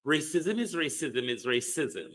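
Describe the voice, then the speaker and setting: A man's voice: on the high side, sing-song, a little slow, a bit bright. A Jamaican man hosting a political commentary livestream, preachy and impassioned, hammering key words and answering viewers. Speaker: online show host.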